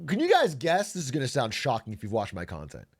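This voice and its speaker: A man's voice: medium pitch, huge pitch swings, quick pace, husky. A man chatting casually on a livestream, joking and reading messages from chat aloud. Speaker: streamer.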